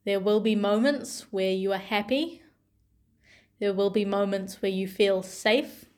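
A young woman speaks slowly and tenderly, taking her time, with a voice of ordinary middle pitch. She sounds gentle and heartfelt, pausing often and letting small laughs slip in. Her delivery is intimate and personal. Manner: slow, gentle and tender, with soft laughs and pauses. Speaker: vlogger.

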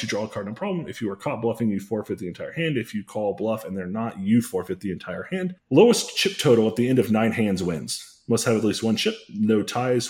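A man's voice: fairly low pitch, a little mellow. A man hosting a comedy podcast, recapping a story in a rambling, self-correcting way with dry jokes. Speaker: podcast host.

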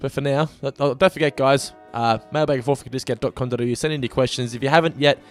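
A man's voice: mid-range voice, steady tone, quick pace, soft background music. A man co-hosting a podcast in casual chat, rambling with frequent restarts. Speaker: podcast co-host.

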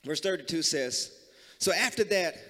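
A man a sermon as pastor, moving from talk into sung and shouted hymn lines. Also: a little high, expressive, moderate pace. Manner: preaching that builds into singing and shouting hymns. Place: church sanctuary. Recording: reverberant church with music.

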